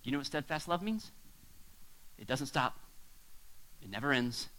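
A male pastor preaching a sermon to a congregation, swinging between hushed asides and near shouts. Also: mid-range voice, sing-song, a little slow, poor audio. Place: church hall with a congregation.

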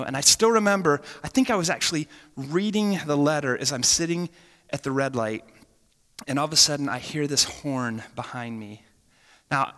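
A man preaching a sermon, telling a personal story in an animated way, with sudden swings between loud and hushed. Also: a little high. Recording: long reverb of a church hall.

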